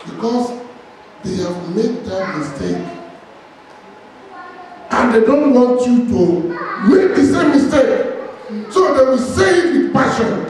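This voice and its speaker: A man preaching a sermon as pastor, speaking with passion and long pauses between phrases. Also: very high voice, recorded from a distance, slight background noise. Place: church hall. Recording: echoey hall, heard from afar.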